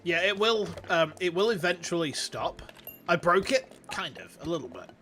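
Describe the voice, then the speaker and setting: Excitable Yorkshire man streaming games. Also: high-pitched, normal speed, soft background music. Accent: Yorkshire English. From Yorkshire, England. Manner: chatty and excitable, swears freely, greets chat. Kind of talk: casual gaming livestream commentary. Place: warm room at home with fans running.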